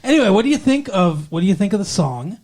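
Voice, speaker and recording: A man's voice: high voice, very animated, fast talker, a little mellow. A man co-hosting a podcast in casual chat, joking and teasing, often slipping into silly voices. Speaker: podcast co-host.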